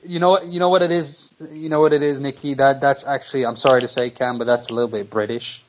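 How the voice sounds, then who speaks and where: A man of middling pitch talks boxing with his co-hosts, cursing often and tripping over his words when he gets worked up. His delivery is loose and unpolished. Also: fast talker, rough recording. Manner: profane, excitable, stammering restarts. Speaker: podcast host. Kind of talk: casual chat.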